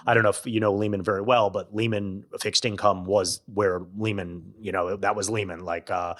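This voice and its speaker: A middle-aged man, a podcast guest, telling stories in a relaxed conversational way and acting out other people's lines. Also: fairly low pitch, normal speed. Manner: animated, quotes others in acted-out dialogue. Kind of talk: conversational storytelling.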